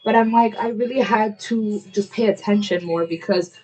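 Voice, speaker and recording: A woman's voice: medium pitch, mellow, husky, soft background music. Rambling young woman's storytime chat. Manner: rambling, heavy use of "like", self-interrupting; quick to apologize, chatty asides to camera. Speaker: vlogger. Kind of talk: casual storytime while getting ready.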